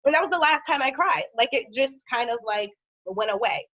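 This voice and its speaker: A woman health professional giving an informal educational talk, with conversational fillers and steady lists of symptoms. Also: high voice, brisk. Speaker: health professional speaking on a panel. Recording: dull, lo-fi dry sound.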